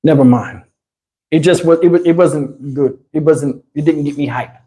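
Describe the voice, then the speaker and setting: A man telling a story on a live stream, animated and profane with laughing asides. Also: fairly high pitch, moderate pace. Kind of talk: casual storytelling. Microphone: wireless lapel mic.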